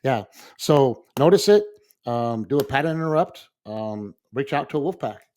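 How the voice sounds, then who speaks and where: A sixty-year-old man chats on a podcast in a relaxed, meandering way, often breaking into laughter. His voice sits at an ordinary middle pitch, and the talk stays sincere and unpolished throughout. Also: normal speed. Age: 60s. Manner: earnest, rambling, laughs often. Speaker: podcast co-host. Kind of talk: casual podcast chat.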